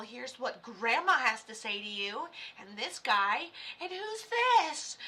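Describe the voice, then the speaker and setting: Bubbly lady doing live readings on a stream, high bright voice, talks fast with lots of likes and ums, yelps now and then. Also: slight background noise. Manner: excited, chatty, lots of fillers and sudden loud outbursts. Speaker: medium giving live readings.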